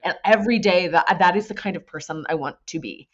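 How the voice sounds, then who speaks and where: A woman in her thirties, a voice actor guest on a casual podcast, talking in an emotional, gushing and animated way. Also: on the low side, quick pace, dull audio. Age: 30s.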